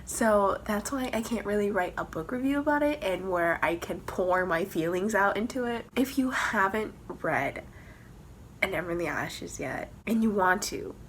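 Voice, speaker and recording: Young woman book vlogger, dramatic and emotional, mid-pitched, faint hiss behind. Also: animated, moderate pace. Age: young adult. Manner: emotional, swearing, laughing, dramatic ranting. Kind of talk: casual vlog chat.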